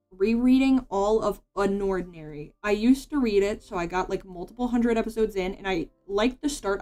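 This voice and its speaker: A woman's voice: mid-range voice, darkish tone. Woman streamer rambling while she draws, lots of likes and restarts, faint music in the back. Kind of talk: casual chat while drawing.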